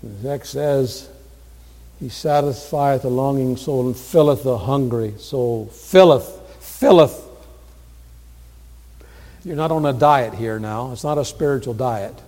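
A man preaching a sermon, earnest, moving from hushed, tender passages to loud, emphatic declarations. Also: mid-range voice, a little slow. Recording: long hall reverb.

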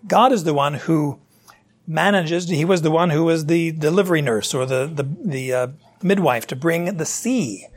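A pastor preaches in an easy, conversational way, explaining scripture straight to his listeners. His voice is husky and sits a little high for a man. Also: moderate pace. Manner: conversational, explanatory, addresses the congregation directly. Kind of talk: sermon, verse-by-verse Bible teaching.

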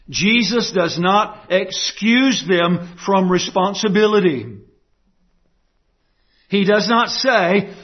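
A man's voice: high-pitched, lively intonation, takes it slowly, husky, dull audio. A man preaching a sermon, emphatic, repeating key phrases and asking the listeners rhetorical questions.

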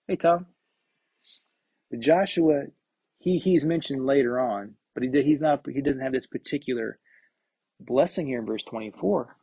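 A man's voice: medium pitch, a little slow, pauses often, warm tone, husky, dry recording. A man teaching a Bible study verse by verse, reading scripture aloud and then commenting, often repeating words as he gathers his thoughts. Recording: dull, lo-fi recording.

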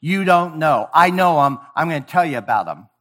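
A man preaching a sermon, emphatic and sometimes sarcastic, swinging from booming lines to hushed ones. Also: expressive, normal speed. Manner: sarcastic mock praise.

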